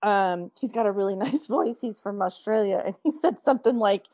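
A woman's voice: mid-range voice, a little fast, mellow, no room sound, clean studio sound. A woman with a neutral American accent, chatting in a rambling, giggly way. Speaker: voice actor. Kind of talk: casual podcast chat.

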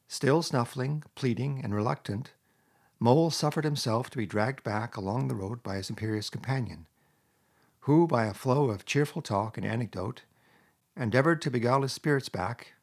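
A man narrating a classic storybook in a measured, expressive reading. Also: mid-range voice. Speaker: audiobook narrator.

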